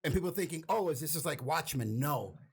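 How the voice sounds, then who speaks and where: A man co-hosting a casual podcast chat, animated and swearing freely. His voice is high and a bit husky. It swings widely in pitch as he talks. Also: fairly quick. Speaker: podcast co-host.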